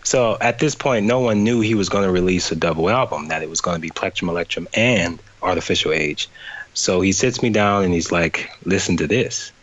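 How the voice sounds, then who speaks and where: Deep-voiced man telling a story over a call. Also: brisk, highs cut off. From New Orleans. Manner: animated retelling with quoted voices and laughter. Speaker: guest. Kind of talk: storytelling interview. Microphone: remote call, cutting out.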